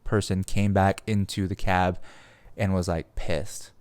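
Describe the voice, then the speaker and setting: A man's voice: low-pitched, level tone, unhurried, darkish tone, slight background noise. A young man telling a story on a podcast in a casual, rambling way, leaning on fillers and swearing freely. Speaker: podcast host.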